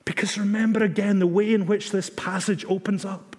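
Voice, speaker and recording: A man preaching a sermon in a measured, emphatic way, repeating phrases for stress. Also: high-pitched, steady tone, a little mellow. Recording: long reverb of a hall.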